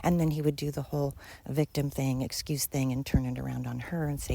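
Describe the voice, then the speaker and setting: Gravelly, emphatic podcast host. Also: medium pitch, steady tone, fairly quick, few pauses, dark tone. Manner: emphatic and repetitive, swears freely. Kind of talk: casual storytelling monologue.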